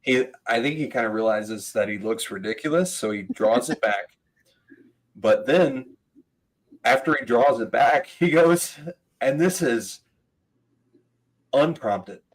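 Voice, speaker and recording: A man in his thirties chatting casually, telling animated stories, laughing often and mimicking voices. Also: mid-range voice, slow pace, long pauses, rough recording. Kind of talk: casual chat.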